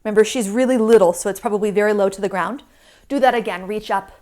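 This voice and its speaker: A woman from Michigan teaching yoga to young children, playful and animated as she talks to small kids. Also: mid-range voice, fast.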